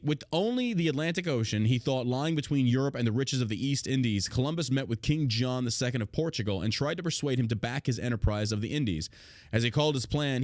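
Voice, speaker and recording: With a mid-range, slightly mellow voice and studio-quality audio free of echo, a man hosts a podcast. He reads history aloud and goes on casual rants, crude, mocking and swearing a lot.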